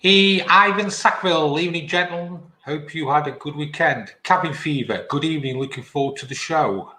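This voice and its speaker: A man's voice: on the high side, brisk, bright, forceful tone. A man hosting a live show, reading viewer comments in a chirpy, bantering way. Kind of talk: casual live-stream chat. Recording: roomy echo.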